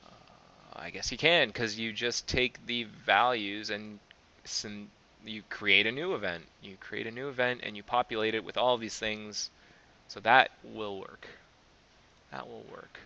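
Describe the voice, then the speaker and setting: A man's voice: on the low side, a little slow, vocal fry, sharp tone, muffled recording. A man hosting a coding show, thinking aloud as he reviews code, hesitant and often correcting himself. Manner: hesitant, self-correcting, many fillers.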